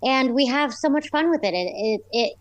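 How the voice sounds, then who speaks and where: Bubbly giggling voice actress, high and dry. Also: female voice, animated, normal speed, dry recording. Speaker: voice actress guest. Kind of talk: interview.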